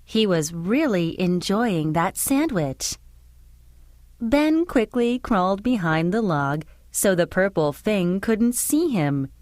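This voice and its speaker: A woman narrating a children's storybook in a clear, expressive way. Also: medium pitch, takes it slowly, dry recording, clean studio sound.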